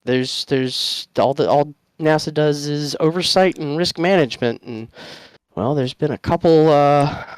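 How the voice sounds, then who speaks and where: Podcast panel guy, smooth voice, rambly and halting, lots of ums, dry close mic. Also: fairly high pitch, dry recording. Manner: rambling, halting with many fillers and restarts. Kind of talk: casual chat.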